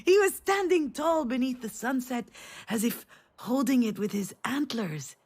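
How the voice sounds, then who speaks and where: A woman voicing a mother in a video game, telling a family memory in a warm storytelling manner. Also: a little high, measured pace, breathy edge, full character voice. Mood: tender. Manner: warm storytelling, rising to excited cries. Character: tender mother remembering a family trip.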